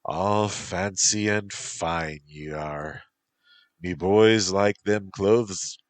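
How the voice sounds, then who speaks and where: A man's voice: deep voice, drawn-out words, no echo, pitched above the performer's own voice. A man voicing a bold, teasing female pirate captain with an Irish accent, drawling pirate talk in a storybook reading.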